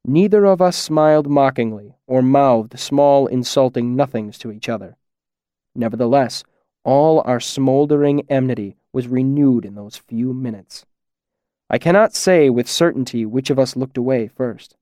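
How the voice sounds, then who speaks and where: A man narrating a first-person fantasy audiobook in a measured, reflective way. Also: mid-range voice, dark tone, clear, resonant tone, no echo, studio quality.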